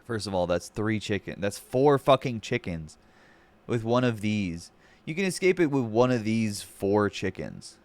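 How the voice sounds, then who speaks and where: A man's voice: on the low side, animated, unhurried, a little mellow, no echo. A man streaming casual reaction commentary, mocking and swearing freely, laughing often between remarks.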